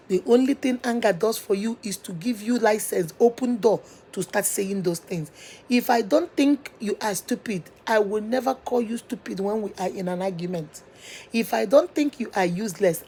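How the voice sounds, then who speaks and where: A woman speaks from her office in a relaxed, mellow voice, giving motivational advice to her followers. She drives each point home by repeating it, in an earnest, almost preachy manner. A faint background noise sits under her voice. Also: medium pitch. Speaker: channel host giving life advice. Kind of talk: motivational advice talk to viewers.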